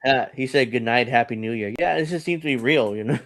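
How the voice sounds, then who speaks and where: A man's voice: medium pitch, brisk, background noise. A man hosting a casual online news panel, rambling and reading posts aloud with frequent laughs. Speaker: host.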